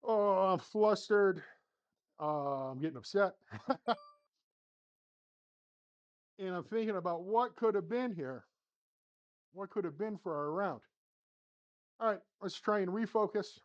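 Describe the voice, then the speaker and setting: A man's voice: high-pitched, animated, unhurried, pauses often, dull audio. Man talking through his golf shots. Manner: talks to himself between shots, swings from flustered to upbeat. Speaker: sim golf channel host. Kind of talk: casual play-by-play commentary. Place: home golf simulator studio.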